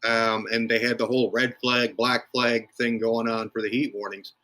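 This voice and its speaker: A man's voice: medium pitch, little pitch movement, normal speed, sharp tone, low-quality recording. A man in his fifties, a podcast guest, telling dry, wry anecdotes in a casual chat.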